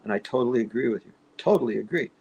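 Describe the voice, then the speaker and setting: Gravelly-voiced male host, emphatic. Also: mid-range voice, expressive, very fast, darkish tone, highs cut off, a little hiss or hum. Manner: supportive, emphatic, repetitive. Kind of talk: casual conversation.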